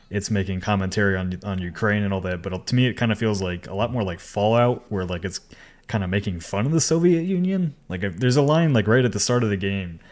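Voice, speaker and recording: Low-voiced man, rambling chatty host. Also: a little mellow. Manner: rambling, full of "like" and restarts, laughs often. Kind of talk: casual podcast chat.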